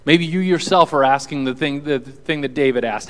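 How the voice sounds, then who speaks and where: A man's voice: fairly high pitch, a little fast, fairly bright tone, in a large hall. A male pastor preaching a sermon to a congregation in an earnest, conversational way. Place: church hall with audience.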